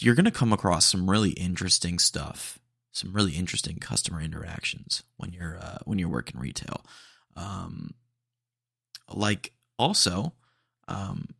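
A man's voice: deep voice, vocal fry, bright, forceful tone, slightly rough, no echo, studio quality. A man hosting a podcast, chatting casually and rambling with lots of fillers and laid-back slang. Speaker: podcast host.

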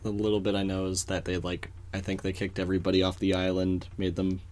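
A man's voice: low voice, monotone, fast, darkish tone. A man co-hosting a casual podcast, laid-back and joking, laughing often. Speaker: podcast co-host. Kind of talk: casual chat.

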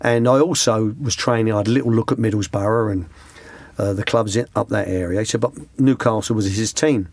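A man's voice: lowish voice, brisk, a little mellow, no room sound. Man, middle-aged, anecdotal interview guest, dry close sound. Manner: rambling, restarts, slips into quoted voices. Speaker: former youth coach, interview guest. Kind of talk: conversational anecdotes.

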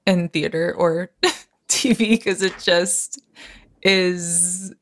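A young woman from Massachusetts hosting a casual podcast chat, bubbly and quick to laugh. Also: lowish voice, steady tone. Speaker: podcast host.

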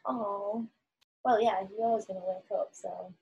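A woman's voice: mid-range voice, fairly even intonation, measured pace, vocal fry, breathy edge, dull audio. A woman chatting casually, asking questions and giggling often. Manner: giggly, asks questions lightly. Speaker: podcast co-host asking questions. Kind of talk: casual chat.

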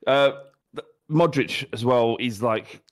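A man co-hosting a football podcast, blunt and sweary in animated banter with his mate. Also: mid-range voice, slow pace. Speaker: podcast co-host. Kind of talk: casual football chat.

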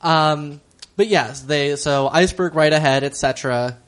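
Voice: mid-range voice, normal speed. A podcast co-host in a comedic movie recap, making dry, wry remarks and laughing often.

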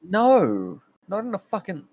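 Wry young man with a lively voice. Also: high voice, a little slow. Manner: wry, swearing, jokey. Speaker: podcast co-host. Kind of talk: casual chat recapping a show.

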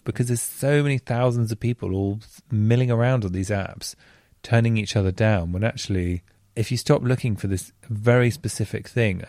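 Lying in bed at home, a man hosts a podcast in a relaxed, earnest, chatty way, leaning heavily on fillers. His voice is low-set and mellow, and the sound is close and dry with no echo.

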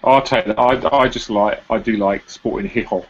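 Husky easygoing man on a football podcast. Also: fairly low pitch, steady tone, moderate pace, highs cut off. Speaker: podcast co-host. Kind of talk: casual football chat.

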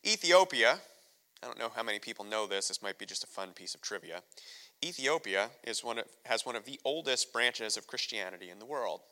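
An American man preaches an emotional, openly personal sermon as a visiting missionary. His voice is strikingly bright. It rings out with a long reverb through a church sanctuary. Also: lowish voice, a little fast. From United States. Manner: candid, emotional storytelling.

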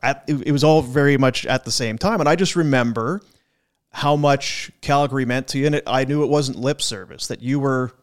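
A man's voice: medium pitch, a little fast. A man co-hosting a sports radio show in a studio, asking questions in a chatty way with many restarts. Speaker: radio co-host. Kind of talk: radio interview.

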